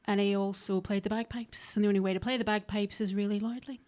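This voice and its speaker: Woman comic, dry and deadpan, club stage mic. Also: mid-range voice, quick pace. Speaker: stand-up comedian. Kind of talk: stand-up comedy. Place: comedy club basement stage.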